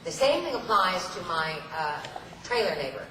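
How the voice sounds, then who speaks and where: A woman's voice: fairly low pitch, sing-song, moderate pace, slight background noise. A woman telling theatrical, playful anecdotes to a convention audience, laughing often, from a stage in a large hall. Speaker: convention guest speaker. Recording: echoey hall, voice far from mic, loud ambience.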